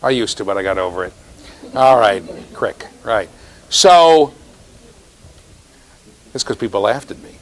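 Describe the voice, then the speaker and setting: Lively, teasing male lecturer. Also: fairly low pitch, unhurried, long pauses, rough recording. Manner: animated, teasing, keeps checking in with "right?". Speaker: university lecturer. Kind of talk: classroom lecture. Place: lecture classroom.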